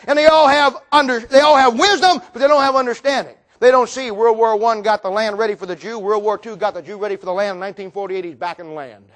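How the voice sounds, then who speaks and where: Fiery man preaching a sermon in a very high voice, folksy and full of rhetorical questions, breaking into shouts.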